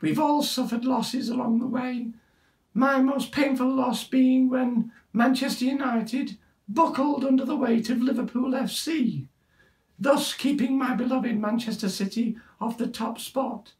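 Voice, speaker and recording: Performer playing a high-voiced, deadpan, crude old queen; echoey room, distant mic. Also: unhurried. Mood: mock-regal. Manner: mock-regal, deadpan, crude. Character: foul-mouthed older queen giving a Christmas speech. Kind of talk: parody televised address.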